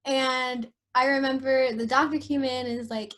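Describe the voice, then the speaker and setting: A young woman on a podcast, telling a painful personal story in an emotional, halting way with many fillers. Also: sits high, steady tone, a bit bright. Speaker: podcast host.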